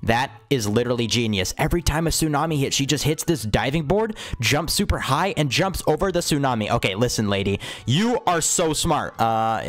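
A young man giving excitable gameplay commentary as a video host, with wild jumps in pitch. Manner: hyper, jumpy pitch, gasps and exclamations. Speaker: gaming YouTuber. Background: faint music.

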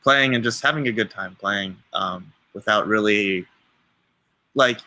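A young man hosting a casual podcast chat, relaxed and laughing, with halting restarts. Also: lowish voice. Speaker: podcast host.

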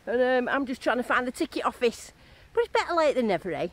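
A woman's voice: on the high side, sing-song, fast. A woman vlogging outdoors to a handheld camera, bubbly, giggly and gushing in casual chat. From England. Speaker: metal detecting vlogger. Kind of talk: excited casual vlog. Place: outdoors at a field rally, some driving in a car.

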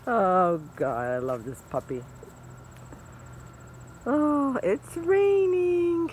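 Woman cooing in lively baby talk. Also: very slow, long pauses, slight background noise. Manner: high sing-song baby talk to her dog. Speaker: dog owner vlogger. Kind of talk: casual vlog talking to her dog. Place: outdoors in a yard.

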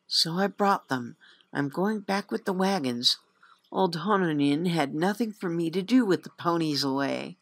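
A woman doing a hushed, flustered young guard. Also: animated, takes it slowly, few pauses, no echo, exaggerated voice. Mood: anxious mutter. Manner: low hushed muttering.

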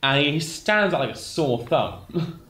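A man's voice: a little high, lively intonation, slow pace, pushed and bright, slight background noise. Rambling man in an echoey room. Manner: rambling, hesitant, reads chat aloud. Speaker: co-host of a gaming livestream. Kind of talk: casual chat while streaming a game.

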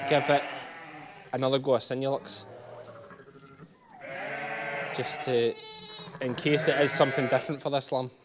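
A Scottish sheep farmer with a slightly high-pitched voice talks casually to the camera as he works outdoors. He explains each job in a chatty, easygoing way. A faint hiss sits under the recording. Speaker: sheep farmer filming his lambing. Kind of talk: casual vlog narration while working.

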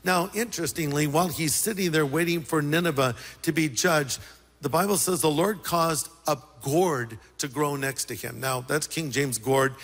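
A man preaching a sermon as pastor, lively and joking with the congregation. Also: on the high side, moderate pace, long reverb tail.

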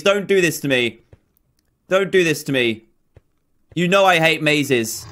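A man's voice: fairly high pitch, a bit bright. A man hosting a game video, giving nervous, jumpy horror game commentary and talking to himself as he plays. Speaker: gaming video host.

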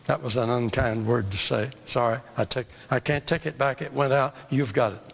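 An older man preaching a sermon, emphatic and drawn out, with big swings in pitch. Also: steady tone, moderate pace, gravelly. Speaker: evangelist preacher. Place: church. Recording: long hall reverb from a church.

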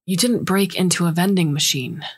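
A wary young male alien researcher pushes back with indignation, voiced by a woman reading a story. The tone is husky and fairly low. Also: moderate pace. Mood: indignant.

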